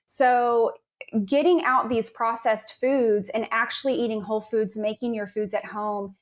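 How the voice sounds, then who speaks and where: Woman, naturopath guest, slightly higher voice, informative explanations. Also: measured pace. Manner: informative, steady, explains health points clearly. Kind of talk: explanatory interview talk.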